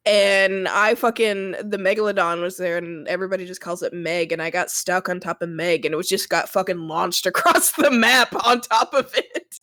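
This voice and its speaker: A woman's voice: on the low side, a bit bright, no echo, studio quality. A woman co-hosting a casual gaming podcast, who laughs easily and swears freely. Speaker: podcast co-host.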